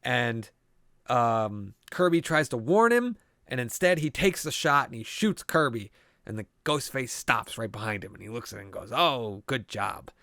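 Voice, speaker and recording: A man chatting loosely as a podcast co-host, retelling a film's plot with constant swearing and many restarts. His voice sits at an ordinary middle pitch. It is recorded close and dry, with no room sound. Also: big pitch swings, normal speed, sharp tone, no room sound. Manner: profane, rambling storyteller. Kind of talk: casual movie recap chat.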